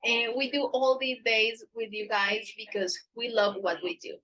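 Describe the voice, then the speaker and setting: A Colombian woman speaking English as a second language, hosting a live stream and pausing often on drawn-out "eh" fillers. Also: fairly high pitch, fairly bright tone, rough recording. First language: Spanish. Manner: halting, with many drawn-out "eh" fillers. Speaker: dating agency host.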